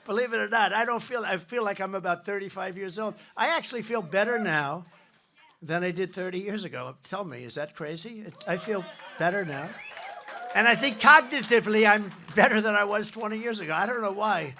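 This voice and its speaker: A man's voice: sits high, brisk, bright, forceful tone, a little hiss or hum. A man in his seventies giving a rambling, boastful campaign speech from a podium at a large rally. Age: 70s. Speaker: political candidate. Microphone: podium mic.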